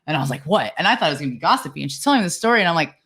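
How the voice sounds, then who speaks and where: A middle-aged woman co-hosting a podcast, telling stories in a lively way and laughing often. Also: low-pitched, rapid-fire. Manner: animated storyteller who laughs often. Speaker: podcast co-host. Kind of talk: casual chat.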